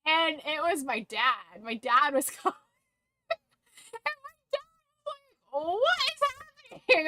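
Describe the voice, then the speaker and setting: A woman's voice: sits high, sharp tone. A woman streamer telling a story in casual talk to her live stream. She giggles often, swears freely and fills her talk with "like".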